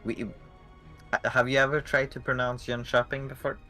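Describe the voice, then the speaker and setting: A man with a Swedish accent co-casting a live strategy game match, animated, often stumbling and repeating words as he thinks. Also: mid-range voice, normal speed, faint music behind. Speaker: esports co-caster. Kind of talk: casual live game commentary.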